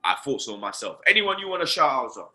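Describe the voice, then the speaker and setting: A brash man hosting a fan chat, his voice bright and forceful as he rants. He swears freely and keeps jabbing "you understand" and "blood" into each point, talking at a medium pitch. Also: big pitch swings, fast. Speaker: host. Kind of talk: casual football fan rant.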